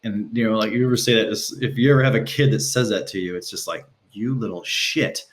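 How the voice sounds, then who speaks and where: A man speaking as a guest on a podcast, telling stories casually and acting out quotes with shifting pitch. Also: fast talker. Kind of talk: casual conversational storytelling. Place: Los Angeles.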